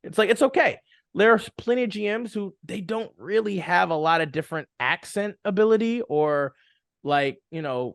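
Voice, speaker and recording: A man's voice: high-pitched, dry recording, studio quality. A young man co-hosting a casual podcast, giving advice to new game masters in a rambling way, full of fillers and restarts. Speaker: podcast co-host.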